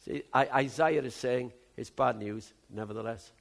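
Gravelly-voiced preacher in his seventies. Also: moderate pace. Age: 70s. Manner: shifts from low musing to loud emphatic outbursts. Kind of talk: sermon.

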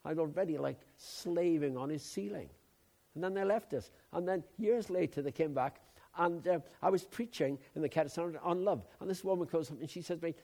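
An older man from Wales preaching a sermon, swinging between loud emphatic outbursts and quiet asides. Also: fairly high pitch, fairly quick, gravelly. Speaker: pastor.

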